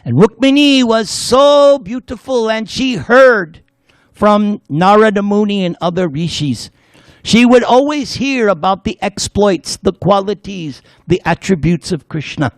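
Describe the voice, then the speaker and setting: A man's voice: sits high, expressive, measured pace, no room sound, studio quality. A man giving a devotional class lecture, telling stories with jokes and leading the audience in chanting. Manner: playful, leads the audience in call-and-response chanting; storytelling with jokes. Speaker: spiritual lecturer.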